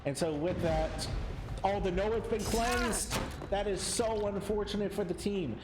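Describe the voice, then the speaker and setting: Young guy casting a game live, gets excited and trips on words, echoey room, noisy background. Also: high voice, a little slow. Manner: excitable, stumbles over words. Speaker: esports caster.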